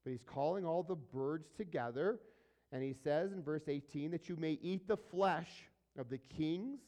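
Man, pastor, sermon, slightly higher voice, conversational, asks questions, dynamic volume. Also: unhurried. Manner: conversational preaching, asks the audience questions, swings between soft and loud. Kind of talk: sermon, verse-by-verse Bible teaching.

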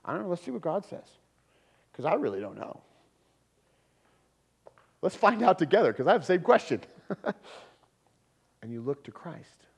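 Lively conversational male preacher. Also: on the high side, husky. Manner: lively, conversational preaching with laughs and sudden loud emphasis. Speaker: pastor. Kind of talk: sermon.

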